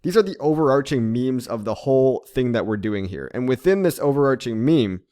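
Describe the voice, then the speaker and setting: A man's voice: mid-range voice, animated, a little fast, hardly any pauses, warm tone. Chatty man explaining crypto casually. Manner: chatty, tag questions like okay and right, laughs at his own jokes. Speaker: crypto channel host.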